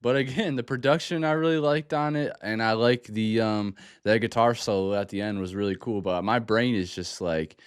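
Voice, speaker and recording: A man's voice: fairly low pitch, normal speed, hardly any pauses, clean tone, no room sound, clean studio sound. A man hosting a music reaction video, thinking aloud in a casual, hesitant way and often restarting his sentences. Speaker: music reaction channel host. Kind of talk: casual first-listen album reaction.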